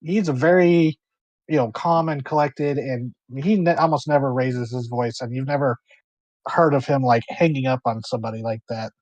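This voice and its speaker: A man's voice: mid-range voice, normal speed, a little mellow, no echo. A man working as game master and narrating a tabletop role-play game, rambling with fillers and restarts.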